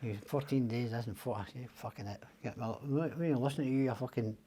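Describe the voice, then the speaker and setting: A man's voice: mid-range voice, fairly quick, warm tone, slight background noise. An older Scottish man, a podcast guest, telling stories in casual chat. He swears freely and acts out the voices of the people he quotes. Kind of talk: casual storytelling.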